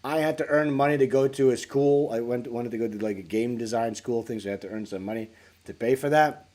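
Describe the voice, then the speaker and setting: During a casual livestream chat, a man with a brisk, mid-range voice takes viewer questions and wanders through crude stories, cursing and laughing throughout. He imitates callers by getting louder.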